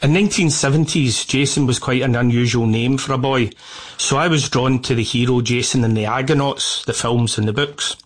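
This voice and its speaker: A man's voice: medium pitch, brisk. A Scottish man in his fifties, a guest artist telling his story with enthusiasm in a live radio interview. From Scotland. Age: 50s.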